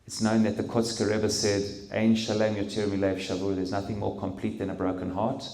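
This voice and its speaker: Man, middle-aged, low voice, emotional testimony, halting, roomy hall echo. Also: level tone, darkish tone. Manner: halting, with pauses and restarts. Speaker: speaker at a community talk.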